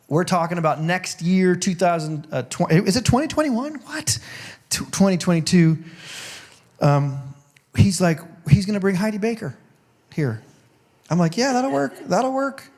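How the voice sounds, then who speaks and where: A male pastor giving a conversational sermon in a church, joking and laughing as he goes. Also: on the high side. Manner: conversational, jokey, laughs often. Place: church sanctuary.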